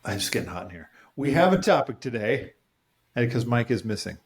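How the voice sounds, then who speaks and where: A man co-hosting a podcast in casual chat, joking and hopping between random topics with big jumps in his voice. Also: fairly quick. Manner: jokey, jumps between random topics, animated swings in pitch. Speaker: podcast co-host. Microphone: studio microphone.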